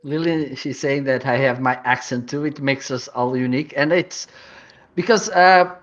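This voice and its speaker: A man's voice: mid-range voice, moderate pace, fairly bright tone. Portuguese-accented man, dull lo-fi line. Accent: northern Portuguese. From northern Portugal. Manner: hesitant, explaining with many fillers. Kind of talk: casual chat. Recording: dull lo-fi sound.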